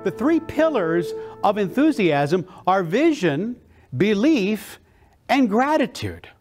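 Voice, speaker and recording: Keynote speaker from South Texas, male, high, lively voice, big enthusiastic storyteller. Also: takes it slowly, music in the background. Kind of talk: motivational storytelling speech.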